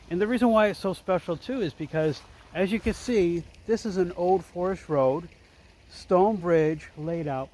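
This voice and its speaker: A man with a fairly high but darkish voice films a casual nature vlog by a waterfall in the woods, over the sound of running water. He addresses viewers as folks, speaking to camera with relaxed enthusiasm, and the recording is low quality.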